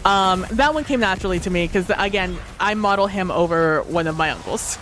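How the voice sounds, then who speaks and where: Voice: mid-range voice, a little fast, a bit bright, faint music behind. Rambling, laughing tabletop role-play player. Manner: rambling, many fillers, laughs often. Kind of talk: casual livestream reflection.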